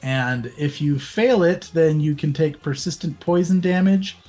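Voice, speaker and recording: A man's voice: on the high side, unhurried, a little mellow. A man running a tabletop game as game master, easygoing and laughing at his own slips, with music in the background.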